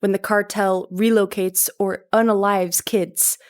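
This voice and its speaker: A young woman talks through a music breakdown with a wry, sarcastic edge, often breaking into laughter. Her voice sits at a middling pitch, and her tone is casual and conversational, as if recording a video essay. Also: little pitch movement, a little slow. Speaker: music commentary YouTuber. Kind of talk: video commentary.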